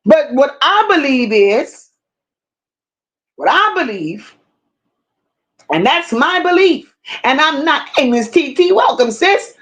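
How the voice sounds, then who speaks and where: Woman, livestream host, high voice, slow delivery, blunt and emphatic, reads chat and greets viewers. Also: sing-song, a bit bright. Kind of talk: casual livestream commentary reading chat.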